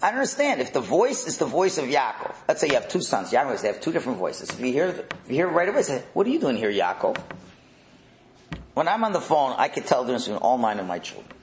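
A middle-aged man leading a religious text class, animated, firing rhetorical questions and repeating words. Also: mid-range voice, fast talker, reverberant, slight background noise, poor audio. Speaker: religious teacher.

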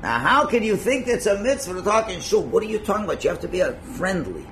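A man teaching a religious class in a lively, conversational way, acting out little scenes and chuckling at his own points. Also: high voice, quick pace, a little hiss or hum. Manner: animated, acts out quotes, chuckles at own points. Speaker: Torah teacher.

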